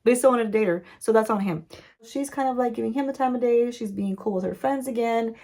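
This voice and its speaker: Chatty woman with a gravelly voice. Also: on the high side, fast talker, dark tone. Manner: chatty, playful, asides to viewers. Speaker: beauty vlogger. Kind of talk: story-time recap while doing makeup.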